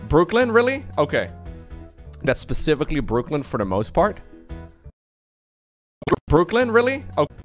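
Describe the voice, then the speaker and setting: Chatty man streamer with a lively voice. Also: high voice. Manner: chatty, wondering aloud, lots of repeats. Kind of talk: stream reaction commentary.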